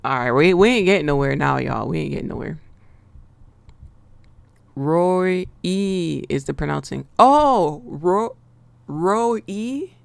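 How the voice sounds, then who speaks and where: A woman's voice: low voice, expressive, a little slow, gravelly, no room sound. An American woman hosting a live trading stream, chatting playfully with her viewers and laughing often. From United States. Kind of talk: casual live-stream chat.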